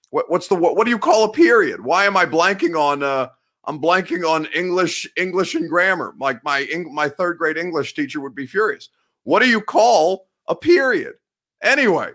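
A man's voice: a little high, bright, forceful tone. A man around thirty hosting a casual live show, rambling and cutting himself off, laughing often. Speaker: podcast host and sports reporter. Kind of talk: casual live-show chat, reading viewer comments.

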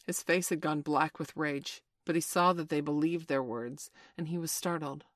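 Low-voiced woman reading a storybook. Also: moderate pace, no echo, studio quality. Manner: expressive, animated reading. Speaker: narrator.

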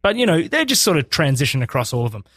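Casual guest: Australian man, high-ish voice, dry close sound, jokey and laughing. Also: sing-song, quick pace, a bit bright, breathy edge, no echo. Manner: laughing, jokey, self-mocking. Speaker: band frontman, interview guest. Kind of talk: casual chat.

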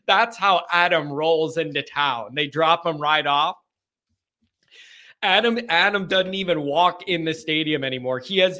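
Bright, animated man hosting a call-in show. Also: a little high. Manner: animated, joking, slangy. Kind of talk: casual chat. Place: home basement.

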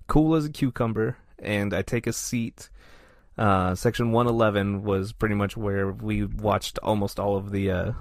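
Male podcast co-host, casual animated storyteller, dry close sound. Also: on the low side, dry recording. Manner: animated, self-deprecating anecdote telling.

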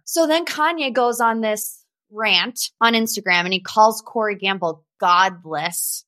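A woman's voice: fairly high pitch, normal speed, bright, forceful tone, no room sound. A young woman hosting a pop culture podcast, chatty and gossipy with sarcastic asides. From Ohio. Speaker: podcast host. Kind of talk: casual pop culture commentary.

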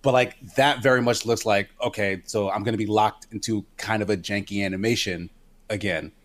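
A man with a somewhat low voice talks through his worries about a game's animations on a casual podcast. He is analytical and measured, weighing each point as he goes. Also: steady tone, fairly bright tone. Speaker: co-host.

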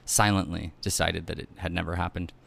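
Deep-voiced man reading a memoir. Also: level tone, fairly quick, gravelly, a bit bright. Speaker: audiobook narrator. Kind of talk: first-person memoir reading.

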